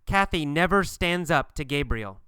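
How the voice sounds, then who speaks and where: Slow, emphatic man teaching English. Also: fairly high pitch, animated, bright, forceful tone, smooth, dry recording, studio quality. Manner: slow, emphatic, repeats phrases for learners. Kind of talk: scripted language lesson.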